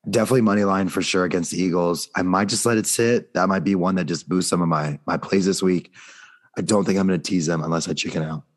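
A man hosting a casual sports betting chat, upbeat and leading the segments, his voice going hoarse. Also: sits low, fast. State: losing his voice. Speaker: podcast host.

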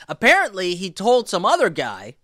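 A man on a podcast, talking in a fairly high voice that trips over itself with restarts, fillers and half-finished thoughts. He gets animated whenever he retells a story. The sound is dry and close, with no room behind it. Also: measured pace, no room sound. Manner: rambling with many restarts and fillers. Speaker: podcast guest, YouTuber. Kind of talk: casual chat.

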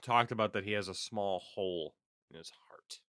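A man's voice: on the low side, moderate pace, fairly bright tone, no echo, studio quality. A man hosting a casual sports chat, reading out hockey news and swearing freely. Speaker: podcast host.

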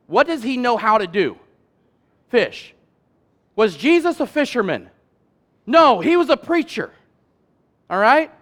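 Guy preaching, high voice, chatty and folksy, gets loud and punchy at the peaks. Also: big pitch swings, measured pace, long pauses. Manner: conversational, folksy, builds to loud emphatic peaks. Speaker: pastor. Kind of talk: sermon.

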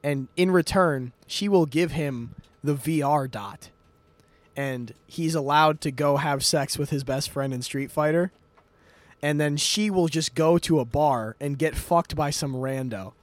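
Laughing, rambling man with a higher voice. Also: measured pace, no room sound. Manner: rambling plot recap, laughing often, frequent swearing. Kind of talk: casual chat.

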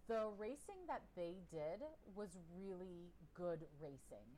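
A woman co-hosting a podcast in casual chat, animated and quick to act out what others said. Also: lowish voice, a little hiss or hum, rough recording. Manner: animated, laughs, acts out quotes. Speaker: podcast co-host.

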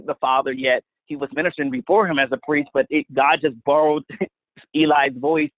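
A man's voice: a little high, fairly even intonation, normal speed, no echo. A man telling a personal faith testimony as a guest, earnest and storytelling, often repeating words. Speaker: guest minister. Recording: phone-line sound, dry.

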